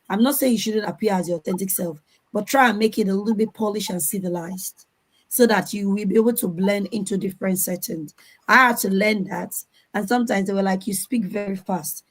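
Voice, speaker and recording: Woman, mid-pitched, earnest advice, online panel, video call audio. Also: low-quality recording. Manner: earnest, advising, repeats words while finding them. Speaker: conference panelist.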